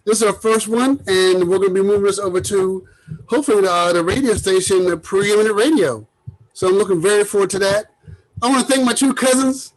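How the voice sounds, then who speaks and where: A man's voice: sits high, low-quality recording. A man hosting a casual podcast with his cousins, talking in a loose, rambling way full of fillers. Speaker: podcast host. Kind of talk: casual chat.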